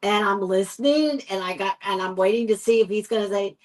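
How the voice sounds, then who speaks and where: A woman with a Texan accent, a paranormal investigator, telling a story in a podcast interview and acting out the quoted dialogue in an animated way. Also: mid-range voice, a little fast, rough recording. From United States.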